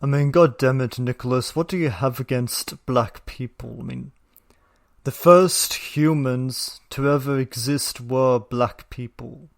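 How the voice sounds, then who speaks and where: A man hosting a commentary video talks slowly, in a mocking, sarcastic tone. His voice sits at an ordinary pitch for a man. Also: creaky.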